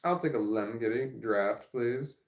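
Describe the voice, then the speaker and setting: A man in his forties with a gravelly, creaky voice, rambling candidly on a casual livestream. His pitch sits in an ordinary middle range. The sound rings around an echoey room. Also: unhurried. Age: 40s. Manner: rambling and candid, thinking aloud. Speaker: streamer.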